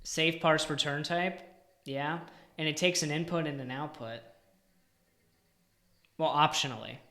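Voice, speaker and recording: Guy streaming himself coding, bright edgy voice, grumbles and half-whispers to himself, roomy echo. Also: fairly high pitch, steady tone, measured pace. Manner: exasperated muttering, drops to near-whispers. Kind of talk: thinking aloud while coding.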